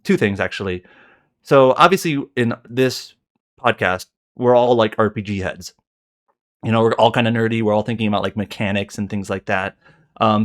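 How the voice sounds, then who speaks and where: Podcast guy rambling along, lots of likes and restarts, average pitch. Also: a bit bright. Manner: rambling, heavy on fillers and self-corrections. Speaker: podcast co-host. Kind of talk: casual podcast chat.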